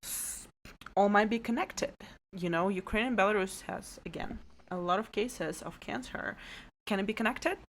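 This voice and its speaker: A woman's voice: mid-range voice, normal speed, a little hiss or hum. A woman, a native Russian speaker, talking in English as a guest on a casual podcast, earnest and sometimes searching for words.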